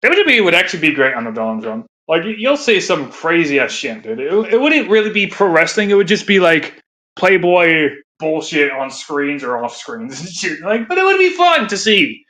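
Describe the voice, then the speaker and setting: A man's voice: a little high, big pitch swings, normal speed, pushed and bright. A man ranting casually, crude and rambling, with frequent laughter. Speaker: commentator. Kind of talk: casual rant.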